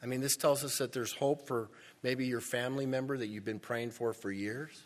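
A man's voice: medium pitch, steady tone, normal speed, in a large hall. A male pastor preaching a sermon in a church, emphatic and repeating words for stress.

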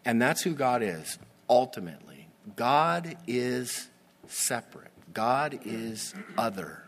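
A man preaching a sermon, slow and emphatic, with dramatic pauses and sudden swells in volume. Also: medium pitch, very animated, fairly bright tone. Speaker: pastor.

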